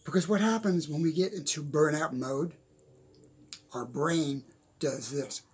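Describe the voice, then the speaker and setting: A man talking casually into the camera from his desk at home, giving unscripted motivational advice, chatty and quick to laugh. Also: on the high side, darkish tone, breathy edge. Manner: chatty, laughs often, repeats "okay?". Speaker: motivational speaker.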